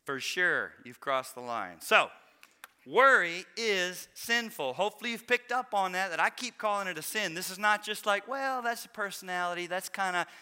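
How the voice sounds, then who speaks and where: A man's voice: sits high, expressive, fairly quick, hardly any pauses, pushed and bright, smooth. A middle-aged man, preaching a sermon in a folksy, storytelling way, acting out the people he quotes and chuckling along. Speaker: pastor.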